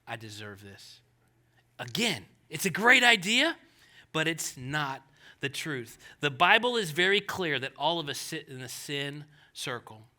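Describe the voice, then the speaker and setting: A male pastor preaching a sermon in an animated, conversational way with jokey asides. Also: on the high side, unhurried.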